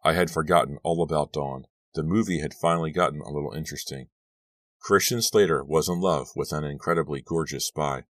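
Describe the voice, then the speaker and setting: Very deep-voiced male audiobook narrator. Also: a little fast, no echo, recorded from a distance. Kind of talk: scripted first-person audiobook narration.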